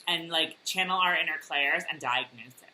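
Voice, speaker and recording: A woman's voice: sits low, moderate pace, very noisy. A woman co-hosting a podcast over a video call, chatting casually with giggles and lots of fillers. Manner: giggly, rambling with many fillers. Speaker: podcast co-host. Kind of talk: casual chat.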